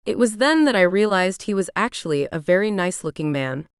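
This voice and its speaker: A woman narrates a first-person romance audiobook in a steady, even way. Her voice is smooth and clear, at a middle pitch, and it sits close and dry on the mic. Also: brisk, no echo.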